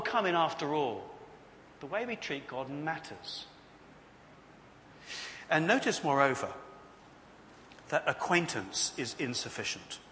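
A man's voice: a little high, pushed and bright. A man preaching a sermon. He tells stories with animation and acts out other people's voices. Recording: echoey hall with faint noise.

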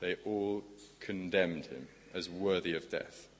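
A man's voice: low voice, slow. A man preaching a sermon in an earnest, conversational way, asking the congregation questions. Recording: long echoing church reverb.

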